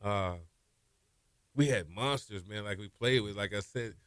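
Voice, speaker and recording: A man, a former quarterback, telling stories in a radio interview, relaxed and trailing off softly. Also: fairly low pitch, measured pace, no echo, clean studio sound. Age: 50s. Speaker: former college quarterback guest. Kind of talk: interview storytelling. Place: radio studio.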